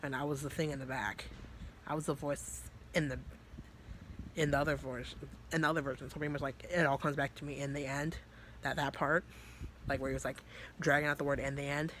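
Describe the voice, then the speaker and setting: A man's voice: fairly high pitch, little pitch movement, a little fast, long pauses, fairly bright tone, a little hiss or hum. A man telling a story in a casual, rambling way, full of fillers and swearing. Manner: rambling, filler-heavy and profane. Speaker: vlogger.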